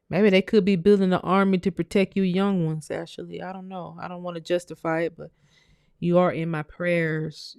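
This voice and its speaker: A woman's voice: on the low side, dry recording, clean studio sound. A woman hosting a casual livestream, reading viewer comments aloud and talking back bluntly, with plenty of swearing. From United States. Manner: blunt, animated, swears freely, addresses viewers as y'all. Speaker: livestream host.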